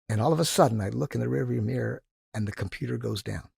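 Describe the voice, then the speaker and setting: A male motivational speaker telling animated stories as a podcast guest, acting out the people he quotes. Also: medium pitch, fast, creaky, slightly rough, dry recording, studio quality. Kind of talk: casual storytelling.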